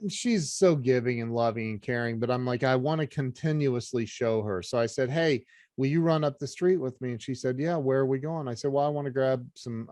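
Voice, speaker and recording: A man's voice: mid-range voice, dry recording. Earnest middle-aged man, dry close sound. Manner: animated storyteller, earnest and faith-driven. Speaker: podcast guest. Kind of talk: casual storytelling chat.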